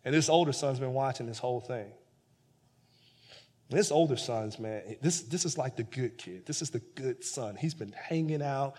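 A man's voice: medium pitch, moderate pace, darkish tone. A man preaching a sermon as pastor, talking conversationally with lots of repetition and building to emphatic points. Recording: long hall reverb.

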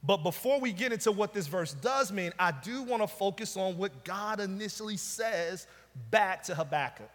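A male pastor preaches with a notably high voice, leaning hard on repeated rhetorical questions. His delivery is emphatic and pointed. The sound rings out with the long reverb of a large church sanctuary. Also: animated, normal speed, fairly bright tone. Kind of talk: sermon.

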